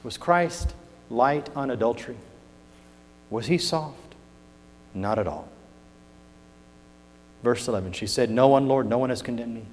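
A man preaching a sermon, moving from hushed scripture reading to loud emphatic points, with folksy turns of phrase. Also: mid-range voice, a little slow, long pauses, slight background noise. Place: church sanctuary. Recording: long hall reverb.

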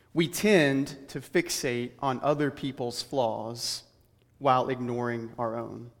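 A man preaching a sermon earnestly, building his points through rhetorical questions. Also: fairly high pitch. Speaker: pastor. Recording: long hall reverb.

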